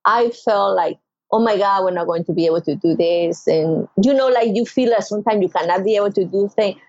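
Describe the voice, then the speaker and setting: A woman's voice: a little fast, dry recording, highs cut off. A middle-aged woman from Venezuela with a Venezuelan Spanish accent, a podcast guest telling an emotional personal story and acting out quoted voices. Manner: expressive, acts out quoted voices with big pitch jumps.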